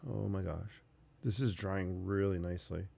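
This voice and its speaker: A man's voice: sits low, flat delivery, moderate pace, gravelly, a little mellow. A man hosting his own sketching channel, chatting casually and thinking aloud as he draws. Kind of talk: casual narration while sketching.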